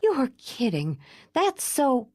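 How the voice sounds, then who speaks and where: A woman's voice: high voice, wildly swooping pitch, slow, mellow, no room sound, studio quality, pitched above the performer's own voice, heavily acted. A woman playing a fiery, demanding young woman. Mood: alarmed. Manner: urgent and demanding. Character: impulsive, fiery young woman, worn out from travel.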